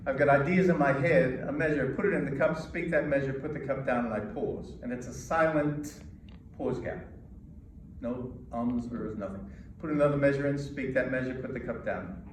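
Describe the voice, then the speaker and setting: A man's voice: mid-range voice, far from the mic, background noise. Emphatic American man lecturing in an echoey hall. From United States. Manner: emphatic, with pauses and demonstrations. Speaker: presentation coach. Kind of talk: lecture to a live audience. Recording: echoey hall recorded from afar.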